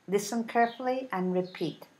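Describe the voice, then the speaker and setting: A woman teaching an English lesson, reading example sentences and modeling intonation with deliberate, clear enunciation. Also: mid-range voice, darkish tone. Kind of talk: slow, careful English lesson.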